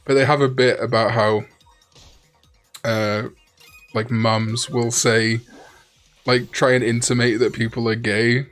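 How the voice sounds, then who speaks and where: A man in casual gaming chat, rambling through jokes and asides at a middling pitch. Faint game music plays behind him. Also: flat delivery, slow pace, pauses often, a bit bright. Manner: chatty, joking, rambling asides. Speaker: Let's Play co-host.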